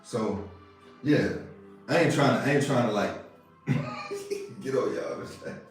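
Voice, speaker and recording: A man hosting a podcast, giving a casual motivational monologue, repeating himself and asking if listeners see what he means. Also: on the low side. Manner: casual, preachy, repeats phrases, asks "you see what I'm saying". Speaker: podcast host. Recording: roomy echo with faint music.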